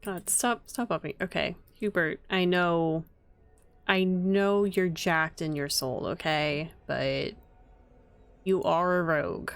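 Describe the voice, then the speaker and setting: A woman's voice: lowish voice, slow, gravelly. A woman streaming a video game, chatting casually and making sarcastic jokes.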